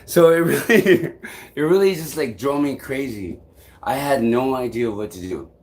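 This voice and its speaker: A young man talking on a live stream in a loose, rambling way, full of fillers and swearing. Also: mid-range voice. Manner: rambling, halting, swears often, many fillers.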